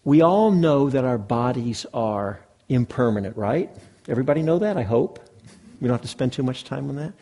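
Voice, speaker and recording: A man's voice: mid-range voice, lively intonation, normal speed, mellow. A man teaching meditation to a live group in a hall, explaining in a conversational way and often checking that the audience follows. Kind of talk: dharma talk to a live group.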